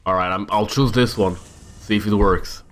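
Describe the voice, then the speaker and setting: A man's voice: fairly low pitch, fairly even intonation, moderate pace. A young man casually commenting on his own gameplay, talking to himself with exasperated outbursts. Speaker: gamer. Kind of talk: let's-play commentary.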